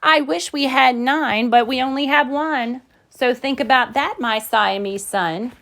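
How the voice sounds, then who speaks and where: Woman voicing a worried mama cat, scolding in rhyme, raised pitch, unhurried. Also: fairly bright tone. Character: fretful, frazzled mother cat. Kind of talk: storybook read-aloud.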